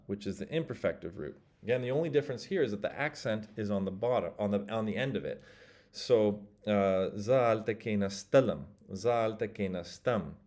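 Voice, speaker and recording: A man with a somewhat low voice gives a relaxed, informal language lesson. He works through grammar patterns one at a time, speaks example phrases slowly and carefully, and asks the listener to pause and try each one. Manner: explains step by step, models phrases slowly and leaves pauses for practice. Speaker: language teacher. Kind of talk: casual spoken language lesson.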